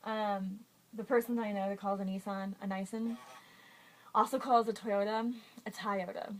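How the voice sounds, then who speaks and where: A woman's voice: mid-range voice, fairly even intonation, normal speed, a little hiss or hum, low-quality recording. A woman vlogger reading a list of words aloud in a casual, giggly, self-conscious way.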